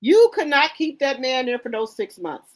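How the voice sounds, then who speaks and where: Host: woman, AAVE speech, high and sing-song voice. Sassy, indignant gossip commentary, repeats for emphasis. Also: very animated, normal speed. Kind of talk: casual commentary reading posts aloud.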